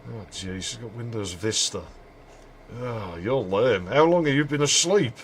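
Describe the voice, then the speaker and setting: Man, casual game commentary, joking asides, mid-pitched voice. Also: expressive, unhurried, a little hiss or hum. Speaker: streamer.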